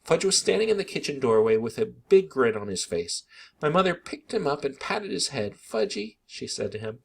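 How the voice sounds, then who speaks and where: Guy reading a kids book out loud, husky voice, really lively and bouncy. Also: medium pitch, moderate pace. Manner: animated, expressive. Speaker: narrator reading a children's book aloud. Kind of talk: expressive read-aloud narration.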